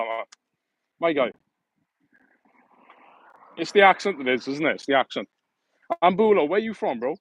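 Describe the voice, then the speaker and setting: A man's voice: a little high, no echo, low-quality recording. A young man chatting casually on a live stream, joking and answering viewer comments while walking outdoors.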